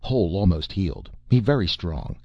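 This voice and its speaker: A man's voice: sits low, sing-song, moderate pace, creaky, a little mellow, dry recording, dull audio, exaggerated voice. A man reading the lines of a brutal barbarian slave master, who speaks in clipped, broken phrases. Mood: threatening. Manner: clipped broken speech, threatening.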